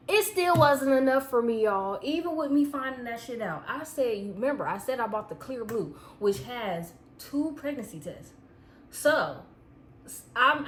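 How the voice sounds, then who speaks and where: A young woman telling a personal story in a casual, profane, animated way, often breaking into laughter. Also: a little high, a little hiss or hum. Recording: echoey room with faint ambience.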